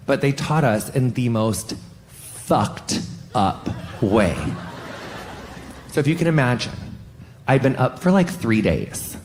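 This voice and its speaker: A man doing a stand-up comedy set on stage, animated and swearing often, jumping up in pitch on punchlines. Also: slight background noise. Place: stage in front of a live audience.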